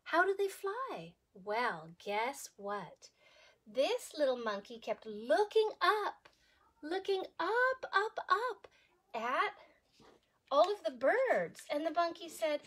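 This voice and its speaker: A woman preschool teacher telling a story to young children, animated and sing-song, asking them questions as she goes. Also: sits high, slow. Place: home.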